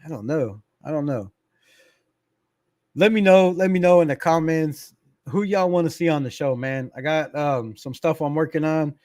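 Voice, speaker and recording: A man's voice: on the high side, steady tone, moderate pace, a little mellow, dry recording, studio quality. A middle-aged man hosting a sports fan livestream in a casual, laid-back way. He reads viewer comments aloud, laughs often and swears freely. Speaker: fan channel livestream host.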